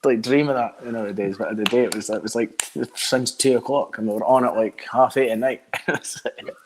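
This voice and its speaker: A man's voice: medium pitch, fairly even intonation, fairly quick, rough recording. A Scottish man in his thirties, a band frontman chatting casually as a guest, rambling and swearing with lots of filler words. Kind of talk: casual chat.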